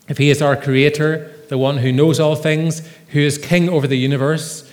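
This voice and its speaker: Guy preaching a sermon in a church, earnest and measured, big echoey hall. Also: mid-range voice. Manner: earnest, measured preaching with emphatic Scripture readings. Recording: long reverb of a church hall.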